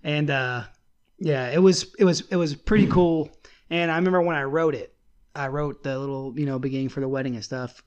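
Chatty man with a higher voice. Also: fairly even intonation, a little fast, dull audio. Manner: rambling, laughs often. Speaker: podcast co-host. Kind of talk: casual chat.

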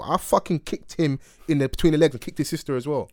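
A man's voice: a little high, brisk, hardly any pauses, no room sound, studio quality. A young man telling stories and trading banter on a podcast. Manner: animated storytelling with slang. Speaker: podcast host.

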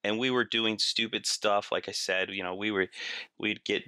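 Animated man telling a wild story. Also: on the low side, moderate pace, clean tone, dry recording, studio quality. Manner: animated, acts out quotes, laughs through stories. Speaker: guest. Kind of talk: casual storytelling.

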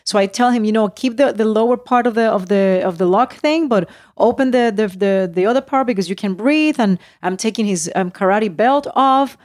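A woman co-hosting a podcast, chatting in an animated way and often repeating her words. She talks over her partner. Her voice sits at a middle pitch and sounds dry and close. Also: moderate pace, few pauses, dry recording. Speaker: podcast co-host. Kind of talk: casual chat.

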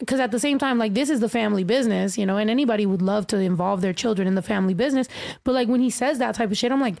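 A woman's voice: on the high side, racing, gravelly, a little mellow. A middle-aged woman hosting a podcast in loose, profane casual chat, laughing often. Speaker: podcast host.

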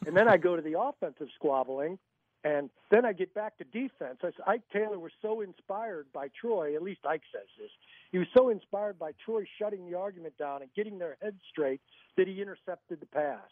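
Man, high voice, animated storyteller, tinny phone line, dry sound. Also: a little fast, no echo. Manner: animated storyteller acting out quotes. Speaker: author and guest. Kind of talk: storytelling on a radio call-in.

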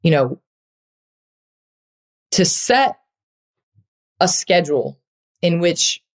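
A woman with a voice on the low side talks very slowly and expressively. As a basketball player being interviewed, she's earnest and reflective, heavy on fillers, in a heartfelt conversational interview.

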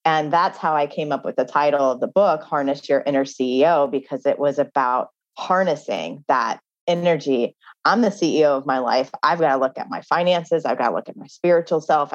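A woman's voice: deep voice, expressive, fairly quick, few pauses, no room sound, lo-fi sound. Earnest woman telling her story. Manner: earnest, storytelling, frequent "like" fillers. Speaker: author and guest. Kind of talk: interview conversation.

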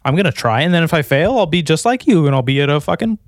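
At home with his dog, a man hosts his own podcast solo, rambling in a profane, self-mocking casual monologue. His voice is a little high and expressive, he talks fast, and the recording is dry.

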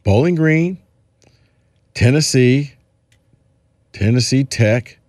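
A man's voice: mid-range voice, lively intonation, slow pace, darkish tone, dry recording, studio quality. A man hosting a sports podcast, chatting casually and rambling through his points with frequent restarts. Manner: rambling, restarts, quotes others in a put-on drawl. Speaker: podcast host.

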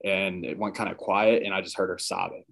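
Brief: deep, gravelly male podcast guest, storytelling, flat delivery. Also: fairly quick. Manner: acts out his parents' lines while telling the story. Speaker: podcast guest, former college football player. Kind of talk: casual storytelling.

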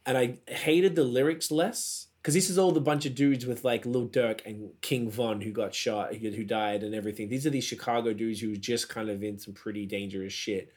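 A man co-hosting a podcast, chatting casually with loose, profane and animated storytelling. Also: fairly low pitch, moderate pace, hardly any pauses. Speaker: podcast co-host. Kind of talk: casual chat.

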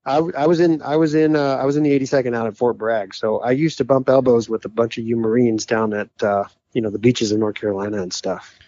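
A man's voice: medium pitch, steady tone, fast, few pauses, warm tone. A man talking as a guest on a podcast, easygoing and good-humored. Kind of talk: casual chat. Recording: dull, muffled podcast audio.

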